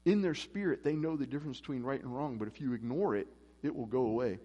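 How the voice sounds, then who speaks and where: A pastor with a medium-pitched, dark-toned voice preaches quickly in a casual, conversational style, acting out the voices of people in his stories. He's in a church, and the recording is muffled, with the echo of the church hall.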